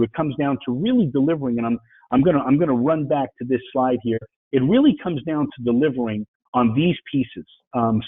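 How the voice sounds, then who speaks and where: A man from New York with a New York accent, giving a fast-paced webinar presentation and checking in with "right?" and "okay?" as he goes. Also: mid-range voice. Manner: fast-talking, frequent "right?" and "okay?" asides. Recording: phone-like, dry, husky sound.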